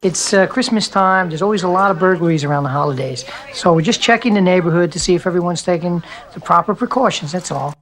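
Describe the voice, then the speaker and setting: An actor playing a middle-aged burglar who passes himself off as a cop, talking in an easygoing, falsely reassuring way in film dialogue. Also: male voice, high voice, quick pace, few pauses, a bit bright, low-quality recording. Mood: falsely friendly.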